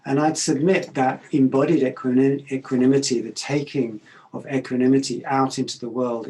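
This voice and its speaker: A middle-aged man giving a reflective talk, calm and measured, pausing often with hesitations. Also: mid-range voice, low-quality recording.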